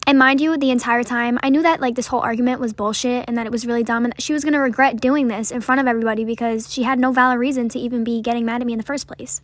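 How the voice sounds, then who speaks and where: Fast-talking young woman telling a story. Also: on the high side, fairly even intonation, no room sound. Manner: chatty, peppered with "like" and swearing. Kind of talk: casual storytime.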